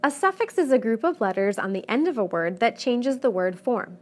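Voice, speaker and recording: A woman narrating a scripted pronunciation lesson, speaking clearly and deliberately and stressing each example word. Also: on the high side, big pitch swings. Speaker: English pronunciation teacher.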